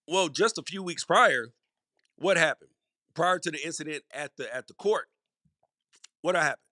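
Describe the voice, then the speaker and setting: A man's voice: on the high side, normal speed, bright, forceful tone, no echo, studio quality. A middle-aged man hosting a sports podcast, giving solo commentary in a conversational, emphatic way and repeating words for stress. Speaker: podcast host.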